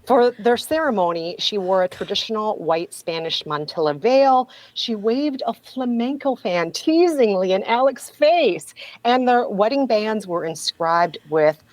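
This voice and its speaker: A woman's voice: mid-range voice, animated, measured pace, darkish tone, no room sound, poor audio. A woman guest on a podcast, telling a story in a sardonic, casual way and laughing often.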